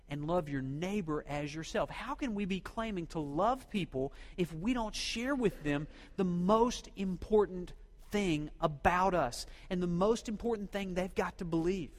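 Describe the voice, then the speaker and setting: High-voiced male pastor preaching in a hall. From Oklahoma. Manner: preaching with call-and-response to the congregation. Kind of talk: sermon.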